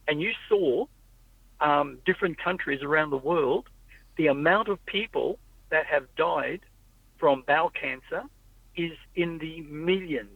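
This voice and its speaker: A man's voice: on the high side, no room sound. A man chatting casually in a car, rambling through stories and quoting the people in them. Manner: rambling storyteller, acts out quoted people. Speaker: podcast host. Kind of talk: casual chat. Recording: tinny phone-like audio, dry.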